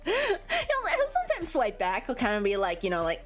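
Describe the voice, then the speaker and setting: A woman's voice: on the high side, wildly swooping pitch, brisk, faint music behind. A young woman streamer chatting casually, rambling with lots of fillers and giggles, her nose a bit congested. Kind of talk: casual chat.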